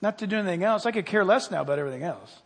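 A man's voice: sits high, animated, rapid-fire. Fervent older male pastor, echoing hall. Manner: fervent, swells loud on key points then drops quiet. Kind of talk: sermon. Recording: long hall reverb.

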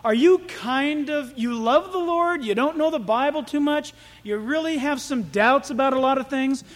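A man preaching a sermon as pastor, telling stories in an animated way. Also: very high-pitched, normal speed. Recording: echoey hall with long reverb.

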